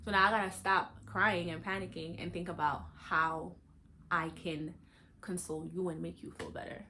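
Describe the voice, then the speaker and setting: Young woman vlogger, lowish voice, candid and slangy, faint hiss behind her. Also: moderate pace. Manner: candid, animated, slangy, with bursts of high-pitched emphasis. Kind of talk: casual chat while getting ready.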